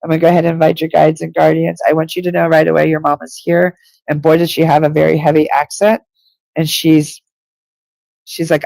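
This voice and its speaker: Gravelly-voiced woman giving psychic readings. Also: sits low, flat delivery, normal speed, a little mellow, no echo. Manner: direct, reassuring, repeats key lines. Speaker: psychic reader. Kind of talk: live-stream intuitive reading.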